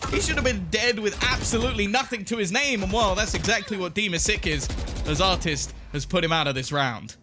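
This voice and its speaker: A man's voice: high-pitched, fairly quick, music in the background. A man casting an esports match, teasing his co-caster with dry banter. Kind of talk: play-by-play commentary.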